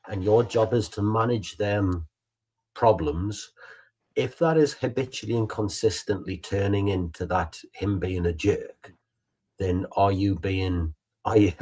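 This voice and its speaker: A man with a very deep, husky voice chats on a podcast. He talks bluntly and in a matter-of-fact way, with a teasing streak. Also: mellow. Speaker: podcast co-host. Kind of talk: casual podcast chat.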